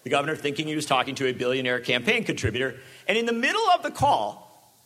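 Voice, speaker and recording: A man giving a public talk with sarcastic, animated delivery and frequent asides. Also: medium pitch, fast talker, noisy background. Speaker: speaker.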